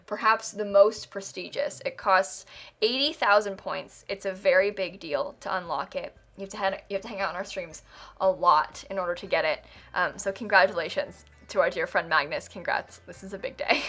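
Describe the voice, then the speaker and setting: Chatting on her live stream with faint music behind her, this young American game streamer has a mid-range voice at normal speed with a fairly bright tone. She rambles casually, saying "like" a lot and laughing frequently.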